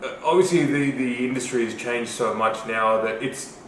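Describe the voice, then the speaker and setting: A man's voice: mid-range voice, moderate pace, roomy sound, slight background noise, low-quality recording. A man hosting a podcast, asking follow-up questions in a casual way. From Australia. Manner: short encouraging replies, follow-up questions. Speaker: podcast host. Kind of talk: casual interview.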